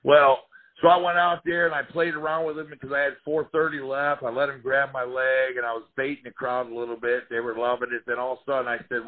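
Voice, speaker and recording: A man tells loud, profane stories from his fighting days, and his voice keeps rising and dropping as he gets caught up in them. His pitch sits in an ordinary middle range. The audio comes through thin and narrow, like a phone line. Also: quick pace. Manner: profane, animated storyteller. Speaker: former fighter telling career stories. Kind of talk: casual storytelling interview.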